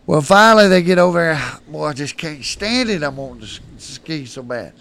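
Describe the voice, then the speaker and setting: A middle-aged man, telling profane, animated stories on a casual podcast and getting loud when quoting people. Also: on the high side, a little fast, creaky. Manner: profane, animated, swings loud for quoted lines. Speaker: storyteller guest.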